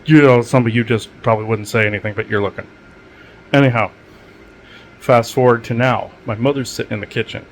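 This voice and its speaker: A man's voice: mid-range voice, fairly even intonation, brisk, slight background noise. A man hosting his own channel, talking in a meandering casual monologue with many fillers and restarts, matter-of-fact about odd experiences. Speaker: channel host.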